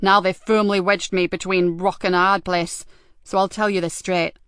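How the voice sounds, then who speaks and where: A gruff, loyal police superintendent, blunt and firm, as a woman narrator voices him. The voice sits low for a woman, smooth and close, in a very dry recording. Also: flat delivery, normal speed, a bit bright, no room sound, close to an everyday voice.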